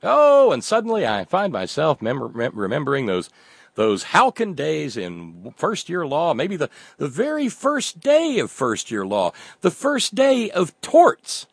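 A man's voice: fairly high pitch, wildly swooping pitch, measured pace, gravelly, slightly rough, dry recording, clean studio sound. A man delivering a sarcastic satirical monologue as a commentator, often restarting his words.

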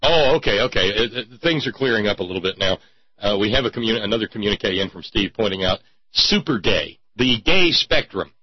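A sarcastic male talk radio host with a husky, slightly breathy voice that leaps up into squeaky mock outrage. The sound is dry and close, with a somewhat dull, lo-fi broadcast tone. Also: no room sound. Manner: mocking, with sudden high-pitched exclamations.

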